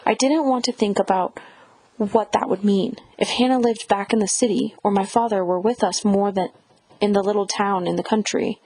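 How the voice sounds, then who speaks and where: A woman narrating a first-person audiobook in a measured, reflective reading style. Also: mid-range voice, a little mellow, rough recording.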